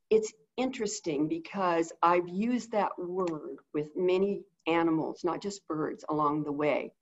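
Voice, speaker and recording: Chatty woman on muffled webinar audio. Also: fairly low pitch. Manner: chatty storytelling, coos softly when quoting praise to animals. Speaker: animal behavior consultant. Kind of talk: casual webinar talk.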